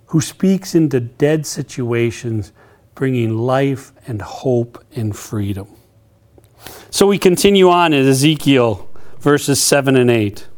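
A male pastor delivers a sermon in a slightly high voice. He is animated and playful, slipping into acted-out quotes with humor.

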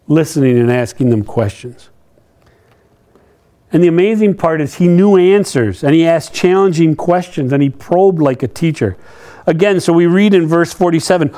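A man's voice: on the high side, mellow. A middle-aged man preaching a sermon in a conversational way, asking his listeners questions as he talks them through scripture. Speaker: pastor.

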